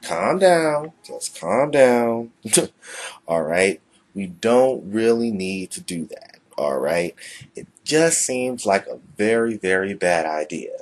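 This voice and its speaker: A man voicing his own sensible inner conscience as a nervous male voice that pleads for calm. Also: lowish voice, slow pace. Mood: pleading. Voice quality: pleading, soothing.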